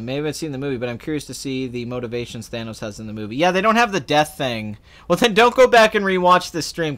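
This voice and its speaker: A man's voice: on the high side, fairly bright tone. A man hosting a casual film livestream, answering chat in a rambling way with many restarts and fillers. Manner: earnest, talks at length about films. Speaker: film channel host answering live chat.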